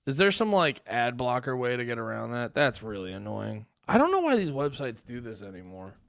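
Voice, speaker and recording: A man hosting a livestream, reacting aloud in a loose, sarcastic way with plenty of swearing. His voice is smooth and clear. The sound is close and dry. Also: medium pitch, big pitch swings, a little fast, fairly bright tone, dry recording. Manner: profane, laughing, sarcastic asides. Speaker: streamer host. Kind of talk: casual livestream commentary.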